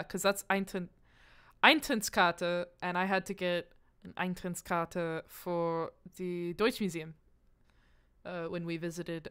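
A woman streamer chatting casually to her live audience, excitable and quick to swear, with sudden loud outbursts, sounding out foreign phrases as she practices them. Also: lowish voice, clean tone. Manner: repeats foreign phrases aloud while practicing.

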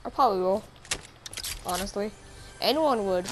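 A woman's voice: mid-range voice, normal speed, background noise. Trash-talking woman on game chat. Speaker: gamer. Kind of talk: casual gaming chat.

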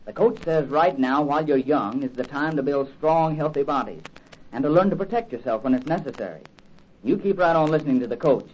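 A man playing a steady, earnest young hero. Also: on the high side, a little fast, natural voice. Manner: calm, earnest, lecturing. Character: steady young athlete hero, fatherly to kids. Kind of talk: 1940s radio acting. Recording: dull old radio recording with faint hiss.

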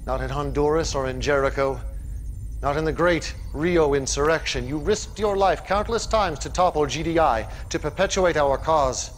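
A man's voice: on the high side, normal speed, a little hiss or hum, lightly acted. An actor playing a commanding male cult leader who preaches to his follower, in a game cutscene. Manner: grand, preaching delivery.

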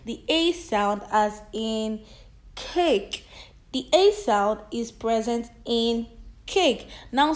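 A woman teaching a phonics lesson to children, sounding out letters and words slowly and repeating each one several times. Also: medium pitch.

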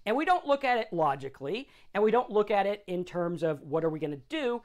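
A man's voice: high voice, very animated, fast, hardly any pauses. Middle-aged man giving a chatty motivational talk. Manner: conversational, tags lines with "right?". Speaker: sobriety talk host.

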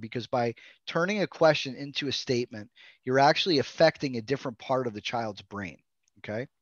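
A man's voice: mid-range voice, no echo. Man giving a training lecture over a dull call line. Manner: earnest, checks in with "right?" and "okay?". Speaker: play therapy trainer. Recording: dull, dry video-call audio.

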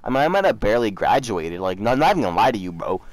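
A man's voice: on the low side, sing-song, racing, no room sound. A young man chatting casually while gaming, teasing and mocking another player, often repeating himself. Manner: mocking, repeats himself, says bro a lot. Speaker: YouTuber trolling a scammer.

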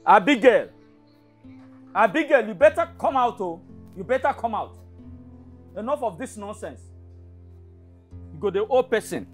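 An actor playing a pushy landlord with a Nigerian accent, scolding and nagging about rent in a film drama. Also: male voice, high-pitched, lively intonation, moderate pace, pauses often, soft background music. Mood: shouting. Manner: loud, nagging, scornful. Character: pushy middle-aged landlord, scolding and leering.

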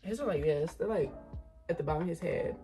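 A woman's voice: on the low side, brisk, over music. Gushing young woman unboxing an album. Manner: excitable, gushing, swears, many "like" fillers. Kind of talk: casual chat to camera.

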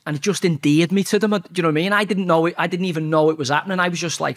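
A man's voice: on the high side, steady tone, fast. A man in his forties, a former footballer telling a story as a podcast guest, blunt and heavily profane. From England. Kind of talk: casual storytelling.

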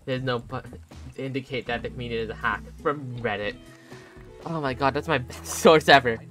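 A man's voice: mid-range voice, normal speed, a bit bright, faint music behind. A young man streaming a game, rambling and joking casually with chat and laughing often. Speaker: gaming streamer.

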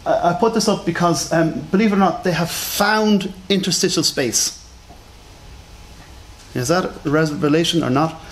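A man's voice: fairly high pitch, normal speed, slight background noise. A man with a noticeable accent giving a conference lecture, chatty and self-deprecating, with many fillers. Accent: non-standard English accent. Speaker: conference speaker.

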